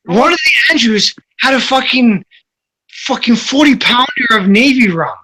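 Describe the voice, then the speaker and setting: A man's voice: very high voice, lively intonation, normal speed, pushed and bright, husky. A man telling a long, rambling, profane story to friends, laughing as he goes. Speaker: podcast host. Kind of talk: casual storytelling among friends.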